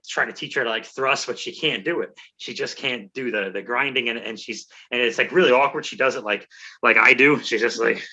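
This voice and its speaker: A man's voice: mid-range voice, pushed and bright, husky, lo-fi sound. Rambling, profane male comedian. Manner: rambling, profane, self-mocking storytelling with stumbling restarts. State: out of breath. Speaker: comedy podcast host. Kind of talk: comic movie recap.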